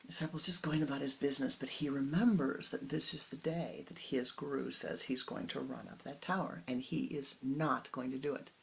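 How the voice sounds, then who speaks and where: A woman spiritual teacher telling a parable in a calm, soft-spoken way that often drops close to a whisper. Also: a bass voice, brisk, gravelly, hardly any pauses, a little hiss or hum, rough recording. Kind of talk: storytelling sermon.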